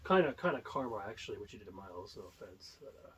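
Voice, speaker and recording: A man's voice: fairly low pitch, big pitch swings, rapid-fire, fairly bright tone, slightly rough. A man on a wrestling talk show panel who speaks hesitantly, stumbling and restarting his sentences.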